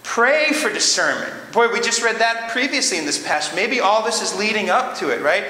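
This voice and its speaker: High-voiced pastor preaching in a church. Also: male voice, animated, moderate pace, pushed and bright. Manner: earnest, emphatic, repeats key phrases. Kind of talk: sermon. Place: church sanctuary. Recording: roomy church reverb, faint background noise.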